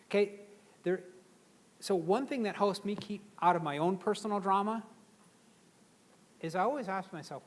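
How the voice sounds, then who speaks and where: A man giving a live motivational seminar to an audience, energetic and conversational, drawing the crowd in to repeat words after him. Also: sits high, normal speed, a little hiss or hum. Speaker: seminar speaker.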